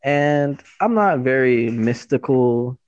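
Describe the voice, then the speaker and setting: Guy rambling thru a story on a podcast, lots of ums, flat lo-fi sound, no room echo. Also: medium pitch, clear, resonant tone. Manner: rambling, halting, with many fillers. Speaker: podcast co-host. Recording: dull dry lo-fi sound.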